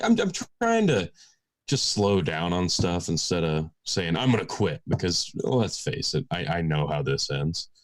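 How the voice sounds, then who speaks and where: Male podcast co-host, very deep voice, dry profane wit. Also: clean tone. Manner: wry, profane banter with sighs. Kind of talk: casual chat.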